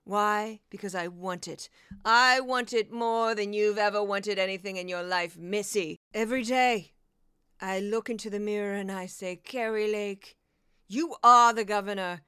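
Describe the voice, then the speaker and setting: A woman doing a comic impression of a boastful, pompous former TV anchor woman with a brash, taunting, drawn-out delivery. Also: medium pitch, sharp tone, smooth, no echo, clean studio sound.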